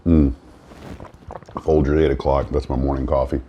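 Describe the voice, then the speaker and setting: A man with a very deep, low voice chats casually as host of a hobby vlog. He rambles, trails off and restarts often, with plenty of fillers. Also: level tone, normal speed, dark tone, breathy edge, muffled recording. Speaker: model-building channel host. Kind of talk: casual morning vlog chat.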